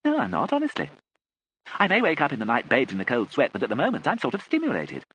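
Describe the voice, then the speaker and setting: A man's voice: medium pitch, huge pitch swings, quick pace, a bit bright, slightly rough, muffled recording, pitched above the performer's own voice, heavily acted. A man voicing a theatrical, flippant young aristocratic woman with breezy upper-class chatter.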